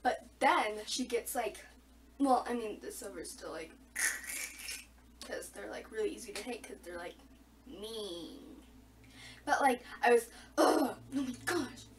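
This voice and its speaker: A teenage girl chatting excitably about a book she loved, full of filler words and gushing reactions. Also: medium pitch, unhurried, long pauses, distant mic, a little hiss or hum. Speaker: vlogger. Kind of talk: casual book review chat.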